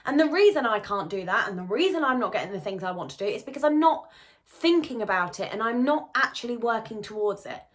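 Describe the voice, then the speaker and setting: A woman's voice: on the high side, animated, fast talker. Chatty woman in her twenties. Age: 20s. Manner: chatty and rambling, many "so"s and restarts. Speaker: lifestyle vlogger. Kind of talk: casual talk to camera. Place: at her home.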